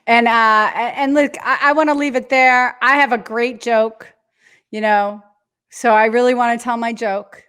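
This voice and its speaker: A woman's voice: fairly high pitch, fairly even intonation, normal speed, a bit bright, clean tone. A woman co-hosting a podcast, chatting casually and playfully. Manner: playful, reads a joke aloud. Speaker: podcast co-host. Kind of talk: casual chat.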